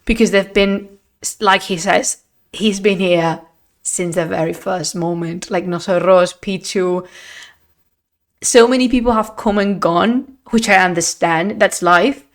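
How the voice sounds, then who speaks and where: Streamer, woman, mid-pitched, expressive and chatty, laughs a lot. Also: unhurried. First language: Spanish. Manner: chatty and expressive, laughs often, slips into Spanish phrases. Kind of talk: casual live-stream chat. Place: at home, streaming on camera. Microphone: desk microphone.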